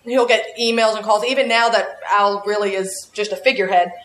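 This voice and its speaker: A woman chatting casually, an animated storyteller who laughs often. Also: mid-range voice, a little fast, reverberant, slight background noise, low-quality recording. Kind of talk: casual chat.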